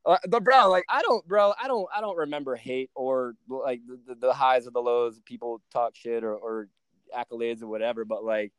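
A man's voice: medium pitch, moderate pace, a bit bright, smooth, no room sound. A young man hosting a podcast, telling a brash story in casual chat, swearing constantly and calling his friend bro and dude. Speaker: podcast host.

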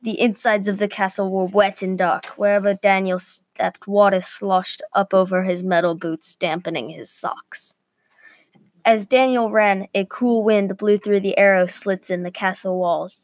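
A woman reading a medieval adventure story aloud at a middle pitch, steady but with small slips. The sound is dry and close, with no room around it. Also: normal speed, no echo.

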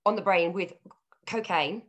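A woman's voice: fairly low pitch, a crowd in the background. A woman from England co-hosting a podcast, chatting casually and laughing easily. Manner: chatty and giggly, quick to laugh. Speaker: podcast co-host.

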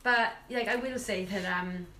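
A young woman chats casually as a podcast guest, full of fillers and quick restarts. Her voice sits at an ordinary pitch. It sounds set back from the mic in a roomy space, with a faint hum behind her. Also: bright, forceful tone, far from the mic. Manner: chatty, many fillers and restarts. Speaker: podcast guest, jiu-jitsu fighter. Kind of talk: casual chat, storytelling.

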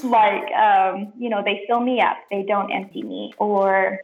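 A young woman, a podcast guest, sharing a heartfelt personal testimony in an earnest, soft-spoken way with lots of "like" fillers. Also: medium pitch, fairly even intonation, measured pace, gravelly. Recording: roomy, dull lo-fi podcast audio.

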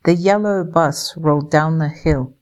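A woman reading a picture book aloud for English learners, slow, clear and gentle. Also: deep voice.

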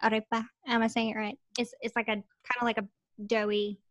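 A woman's voice: a little high, little pitch movement, a little fast, a bit bright, dry recording. Friendly young woman chatting, dry sound. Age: young adult. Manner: friendly, laughs often, stammers a little. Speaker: podcast guest. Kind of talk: casual chat.

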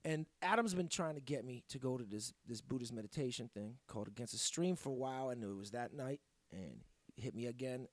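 A man hosting a podcast, telling a story in a casual, profane, animated way. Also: medium pitch, fairly quick, few pauses, dry recording. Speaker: podcast host.

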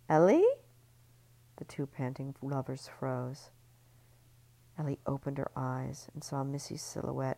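A woman narrating a serialized story in a hushed, intimate reading. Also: rumbling low, rough recording. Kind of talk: scripted audiobook narration.

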